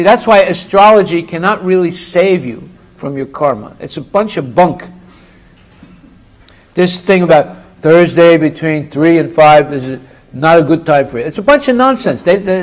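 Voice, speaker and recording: Animated storytelling man giving a class. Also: fairly high pitch, moderate pace, low-quality recording. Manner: storytelling, acts out dialogue, rising to emphatic outbursts. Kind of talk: sermon with humorous anecdotes.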